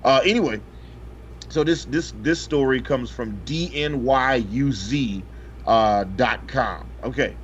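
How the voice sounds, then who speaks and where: A man's voice: mid-range voice, slow pace. A man co-hosting a casual podcast, reading a news story aloud with profane, joking asides. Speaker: podcast co-host. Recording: slightly dull, faintly noisy podcast audio.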